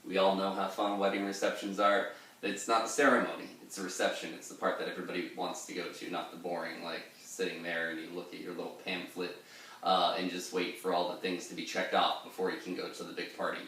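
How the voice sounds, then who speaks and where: Man, low-ish voice, casual teacher explaining poetry, rambly, echoey room, mic a bit far. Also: flat delivery, fairly quick, a bit bright, slight background noise. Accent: pirate-style put-on accent in readings. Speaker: literature lecturer. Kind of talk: informal poetry lesson with pirate-voiced readings.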